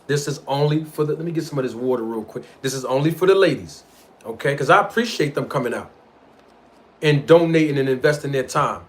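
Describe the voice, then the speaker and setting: Speaking briskly at medium pitch, this man runs a boxing commentary stream where he fiercely makes his case about a feud. His street slang is animated, and he keeps addressing his chat viewers head-on.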